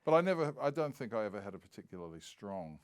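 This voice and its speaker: Lower-voiced man telling rambling stories. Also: very animated, fast, clean tone. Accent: Australian. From New Zealand. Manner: rambling anecdotal storytelling. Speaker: guest. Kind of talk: casual interview.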